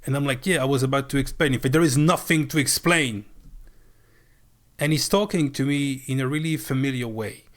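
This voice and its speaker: Male streamer, middle pitch, animated and profane storyteller. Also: normal speed. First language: French. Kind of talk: casual storytelling. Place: live stream.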